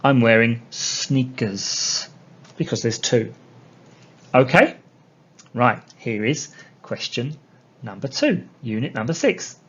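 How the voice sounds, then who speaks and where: Guy teaching kids english, slow and careful, says stuff twice, kinda muffled lo-fi audio. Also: mid-range voice, lively intonation, fairly bright tone, slightly rough. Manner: slow, deliberate explaining with repeated words. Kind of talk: recorded classroom lesson for young learners. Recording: dull lo-fi sound.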